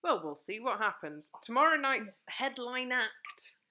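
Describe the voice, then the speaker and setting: A woman hosting a casual podcast chat, briskly steering the conversation from topic to topic. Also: a little high, big pitch swings, bright, forceful tone. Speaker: podcast host.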